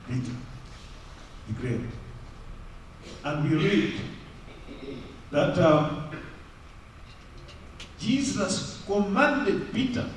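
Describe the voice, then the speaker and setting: A man preaching from a church pulpit, and his voice rings through a very echoey hall, picked up from a distance. He talks slowly and deliberately, with a fairly high voice for a man, swinging from loud raised lines to low quiet stretches. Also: expressive, a little hiss or hum. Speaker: pastor. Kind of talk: sermon.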